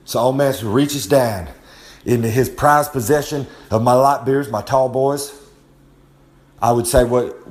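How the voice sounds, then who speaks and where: A brash man with a drawl, delivering a wrestling promo monologue and talking about himself in the third person. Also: medium pitch. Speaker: wrestling podcast segment guest.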